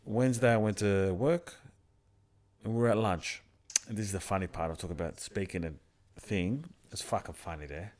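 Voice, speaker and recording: A young man on a podcast, animatedly retelling a work story in casual, crude slang. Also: low-pitched. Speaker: podcast co-host. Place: backyard.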